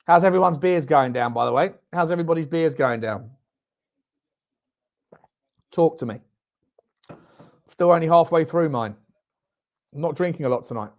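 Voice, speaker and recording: Hosting a football watchalong for fans, a man with a fairly high voice chats loosely with viewers and reads their comments aloud. He breaks into loud, excited yelling at the referee and at near misses, speaking at a normal pace with frequent pauses.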